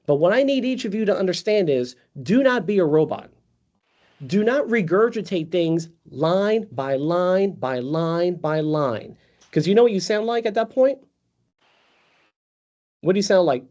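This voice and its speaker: A man's voice: sits high, expressive, moderate pace, long pauses, darkish tone. A man leading a live virtual sales training, talking conversationally and calling on trainees by name. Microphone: video call. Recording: lo-fi video call audio.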